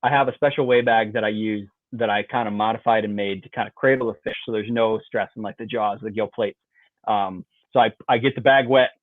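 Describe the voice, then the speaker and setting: A man's voice: mid-range voice, no room sound. A man in a medium voice tells a long story as a podcast guest, rambling with "like" and "you know" and making little sound effects. He comes through a thin, phone-like call line. The sound is dry, with no room around it. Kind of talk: animated storytelling.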